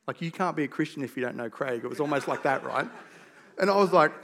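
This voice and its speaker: Quick-talking and on the high side in pitch, this Australian man preaches as a pastor in a conversational way. His storytelling is animated and full of self-deprecating jokes.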